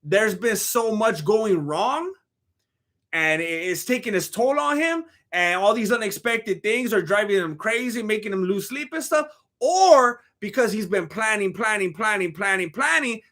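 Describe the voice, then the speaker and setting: A man's voice: high-pitched, expressive, a little slow, a bit bright. A man streaming live, chatting casually about fights in a rambling, slangy, joking way while reading messages from chat.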